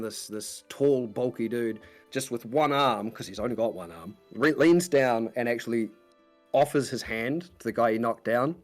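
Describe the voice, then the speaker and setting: A man runs a tabletop game as game master, describing scenes and people at length in a loose, meandering way. His voice sits at an ordinary middle pitch, with faint music playing under him.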